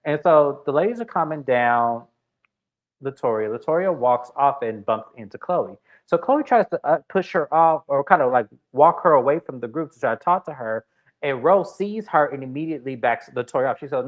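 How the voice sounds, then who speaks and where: A man's voice: a little high, lively intonation, moderate pace, poor audio. A man hosting a casual reality TV recap, animatedly retelling scenes and voicing the cast's lines.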